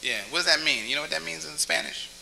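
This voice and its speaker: A stand-up comedian working the crowd from a club stage, firing off playful questions at people in the seats. His voice is bright and sharp, swinging widely up and down as he teases. He talks into a handheld stage mic. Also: mid-range voice, sing-song, creaky, a little hiss or hum, rough recording. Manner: teasing audience members, quick jokey questions.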